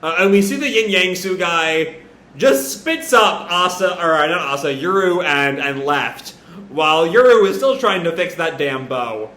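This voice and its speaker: A man's voice: on the high side, lively intonation, measured pace, sharp tone, echoey room. A man casually recapping a comic chapter as a reaction host, rambling with lots of fillers and the odd swear word.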